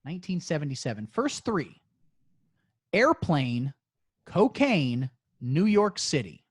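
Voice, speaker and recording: High, lively-voiced man hosting a quiz. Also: takes it slowly, slightly rough. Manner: playful, teasing, mock-boastful. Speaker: podcast co-host running a movie quiz. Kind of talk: crude, joking comedy podcast chat.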